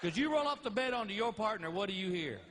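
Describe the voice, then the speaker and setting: Middle-aged male stand-up, high and lively delivery, live stage recording with noise. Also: fast talker. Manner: animated, acts out voices. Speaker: stand-up comedian. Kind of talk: stand-up comedy routine. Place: live venue with audience.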